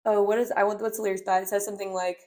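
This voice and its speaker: A woman's voice: mid-range voice, level tone, very fast, darkish tone. A woman in her twenties doing a casual tarot reading, talking in a rambling, heartfelt way full of filler words. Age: 20s. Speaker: tarot reader.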